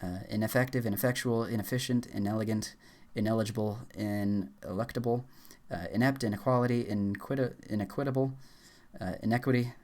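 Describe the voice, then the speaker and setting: A young man with a somewhat low voice fires off dictionary words one after another. He trips over some of them and restarts, reading in flat, clipped bursts. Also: brisk. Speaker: YouTuber.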